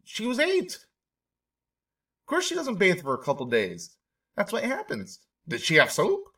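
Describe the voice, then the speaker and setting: A man's voice: high-pitched, huge pitch swings, a little slow, bright, forceful tone. Indignant man ranting, slightly distant mic. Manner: emotional, indignant, rambling. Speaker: podcast host reacting to a documentary. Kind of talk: casual commentary.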